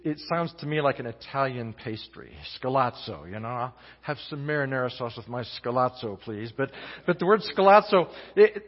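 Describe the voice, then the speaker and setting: A male guest pastor preaching a sermon in an earnest, halting way, with many restarts and swings between loud and soft. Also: fairly high pitch, breathy edge. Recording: muffled sound in a reverberant hall.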